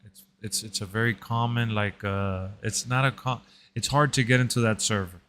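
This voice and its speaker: A young man with a slightly low voice, chatting easily during a game stream. His speech is loose and slangy, and he often says "bro". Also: fairly even intonation, moderate pace, a bit bright, slight background noise. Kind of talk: casual chat.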